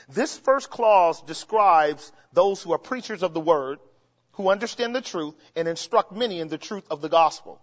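A man preaching a sermon, emphatic, swinging between shouts and low murmurs and asking the congregation rhetorical questions. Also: lively intonation, normal speed. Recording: dull sound with long hall reverb.

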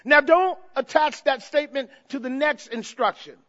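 Male preacher, very high and bright voice, fervent sermon, hushed-to-shouting, dull lo-fi recording. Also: normal speed. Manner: asks the congregation rhetorical questions.

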